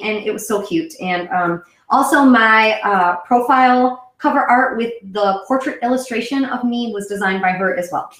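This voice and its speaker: A woman's voice: a little high, fairly bright tone. A woman in her thirties hosting a live web show for moms, chatting casually to camera and often wandering off topic. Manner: chatty, rambling, self-correcting. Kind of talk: casual solo chat to camera. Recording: echoey room.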